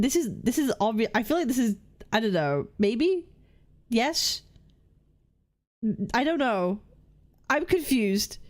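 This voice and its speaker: A woman with a somewhat high voice reacts to videos on a live stream. She talks casually in slang and laughs often, breaking up her own comments as she goes.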